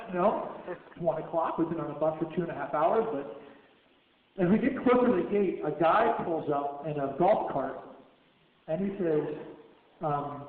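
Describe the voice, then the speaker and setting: A man tells a story to a live audience and acts out each exchange in lively voices. His voice sits high for a man. The sound is thin and phone-like, with heavy room echo and a long reverb tail. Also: fairly quick, a little hiss or hum. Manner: animated storyteller acting out dialogue. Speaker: speaker at a Q&A. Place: skate shop. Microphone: cell phone from the audience. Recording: tinny phone recording in an echoey room.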